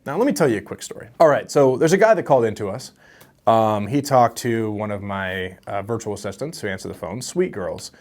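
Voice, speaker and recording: This real estate wholesaling vlog features a young man with a lowish voice and a brisk pace. Addressing the camera casually, he tells stories in a friendly, animated way and laughs often.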